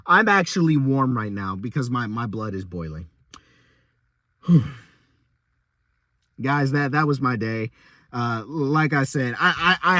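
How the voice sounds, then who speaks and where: A young man venting about a rough day at work in a rambling, exasperated casual vlog rant, often stumbling and repeating himself. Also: medium pitch, pushed and bright, dry recording, studio quality.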